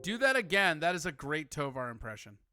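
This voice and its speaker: Bright, sharp-voiced man teasing. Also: on the high side, sing-song, faint music behind. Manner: teasing, quick to laugh. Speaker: stream host. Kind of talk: casual chat.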